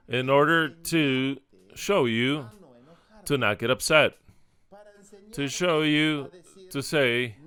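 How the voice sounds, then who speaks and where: A man preaches an informal, conversational sermon, frequently acting out what people say with repeated lines. His mid-range voice sounds pushed and bright, clear and resonant.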